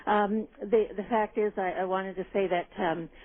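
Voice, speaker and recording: Woman caller, rambling, indignant, tinny phone line, mid-pitched voice. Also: fairly even intonation, moderate pace. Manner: rambling, indignant, repeats "absolutely". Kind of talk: call-in radio chat.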